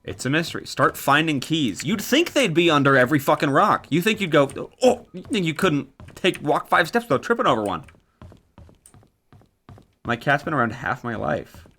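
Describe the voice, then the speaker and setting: A man's voice: fairly high pitch, sing-song, moderate pace, bright, forceful tone. A man in his twenties chatting casually while streaming a game, rambling and swearing offhandedly. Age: 20s. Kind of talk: casual live-stream gaming chat.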